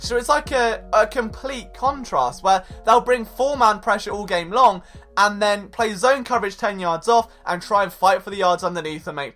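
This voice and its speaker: A man's voice: sits high, bright, forceful tone. A man hosting a sports podcast, talking in a chatty, jokey, rambling way. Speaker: podcast host. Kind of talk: casual sports podcast talk.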